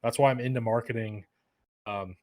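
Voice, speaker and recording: A man's voice: mid-range voice, fairly even intonation, brisk. A young adult man, a podcast guest, chatting casually and rambling with many fillers and restarts.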